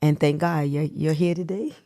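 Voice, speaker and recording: A middle-aged woman, the host's mother, telling a painful personal story in a reflective, soft-spoken way. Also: low voice, steady tone, moderate pace, no room sound, studio quality. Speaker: guest, mother of the host. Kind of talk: emotional personal recollection.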